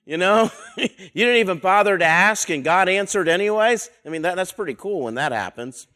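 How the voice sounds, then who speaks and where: A man with a slightly raised pitch leads a verse-by-verse Bible study. He talks conversationally, asking his listeners rhetorical questions and coming back to the same phrases again and again. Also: animated, normal speed, bright, forceful tone. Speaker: Bible teacher.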